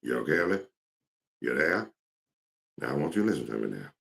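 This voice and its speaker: Impression: man doing a mellow, drawling soul crooner, deep and gravelly. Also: sing-song, brisk, heavily acted. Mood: coaxing. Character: laid-back older male soul singer, drawling.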